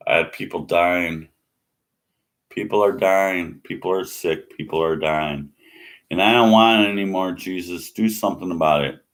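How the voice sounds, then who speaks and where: A man ranting scornfully in a monologue, mocking and repeating himself. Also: deep voice. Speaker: atheist vlogger.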